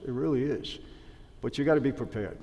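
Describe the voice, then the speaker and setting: A man tells a story in a sit-down interview and acts out each side of the conversation. His voice sits at an ordinary middle pitch. A long reverb trails after his words. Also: a little fast. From New York. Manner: animated storyteller acting out dialogue. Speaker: interview guest, former mobster.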